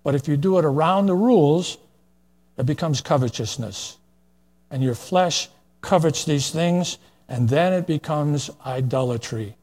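Older preacher with a breathy, husky voice. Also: male voice, a little high, expressive, measured pace, a little mellow. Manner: plain-spoken, folksy, with frequent fillers and asides. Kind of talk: verse-by-verse sermon.

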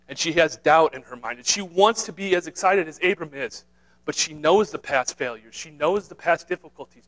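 This sermon comes from a man whose voice sits on the high side and sounds a bit bright, captured on a rough recording. Sincere in tone, he circles back over the same points, restarts his phrasing often, and asks his audience "right?" again and again.

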